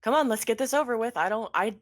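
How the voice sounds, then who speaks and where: A woman voicing a very tall, weary female escort who mutters in a hushed, resigned way. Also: a little high, expressive, quick pace, pitched above the performer's own voice, lightly acted.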